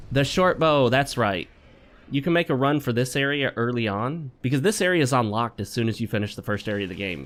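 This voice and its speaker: Wry, chatty male let's-play host. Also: medium pitch. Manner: chatty and wry, joking asides while playing. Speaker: gaming channel host. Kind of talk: let's play commentary mixed with advice talk.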